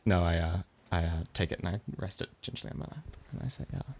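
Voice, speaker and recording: Quiet low-voiced player. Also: male voice, expressive, fast talker, gravelly. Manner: quiet, joking, laughs often. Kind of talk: casual tabletop play.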